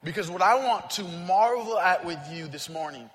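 Emphatic high-voiced pastor preaching in a hall. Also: male voice, animated, normal speed. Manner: emphatic, rising to near-shouts on repeated refrains; asks the congregation questions and waits for answers. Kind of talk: sermon. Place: church sanctuary. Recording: long reverb of a large hall.

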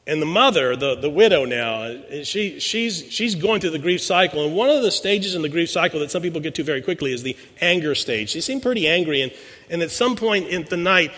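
A man's voice: fairly high pitch, lively intonation, a little fast, a bit bright. A pastor in his sixties giving a sermon, telling a personal story in a conversational way, often restarting his words. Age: 60s. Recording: long reverb in a large hall.

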